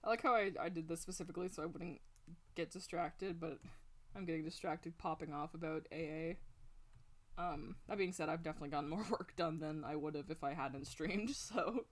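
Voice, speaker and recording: A young woman streaming while she draws, rambling excitedly in casual chat and swearing constantly. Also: low-pitched, a little fast. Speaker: art streamer.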